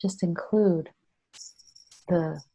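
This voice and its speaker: Low, slow, husky-voiced woman. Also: low-quality recording. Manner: soft, slow, soothing affirmations. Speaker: interview guest. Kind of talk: gentle guided self-compassion talk.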